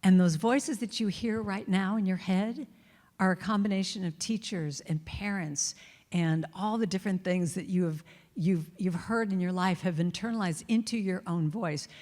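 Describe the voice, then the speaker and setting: A woman's voice: medium pitch, moderate pace, a little mellow, long reverb tail. A woman giving a chatty, playful inspirational talk at a spiritual center, laughing now and then. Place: church hall.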